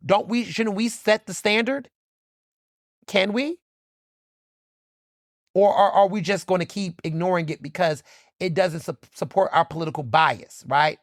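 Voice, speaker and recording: A man's voice: high voice, no room sound, studio quality. A man hosting his own podcast, giving fired-up commentary with emphatic repetition, swearing and many "like" fillers. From Philadelphia. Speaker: podcast host. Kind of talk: impassioned solo commentary.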